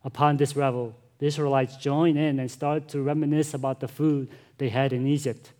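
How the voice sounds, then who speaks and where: A man's voice: mid-range voice, little pitch movement, normal speed, a little mellow. Earnest male pastor preaching. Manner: earnest, emphatic, addresses congregation directly. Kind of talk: sermon.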